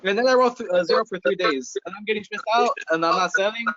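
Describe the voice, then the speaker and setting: A man's voice: sits high, fast talker, a bit bright. A young man telling his sales story on a team call, earnest and rambling. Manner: earnest, rambling, lots of fillers. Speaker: salesperson being promoted. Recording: dull lo-fi call audio.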